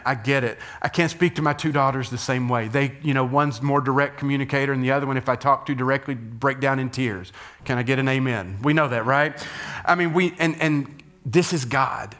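Animated man preaching a sermon. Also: mid-range voice. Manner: animated storytelling, rising to loud emphasis and dropping to quiet asides. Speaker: pastor.

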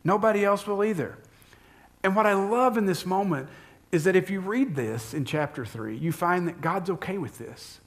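A man's voice: high voice, expressive, moderate pace. A man preaching a sermon as pastor, speaking conversationally and putting questions to the congregation.

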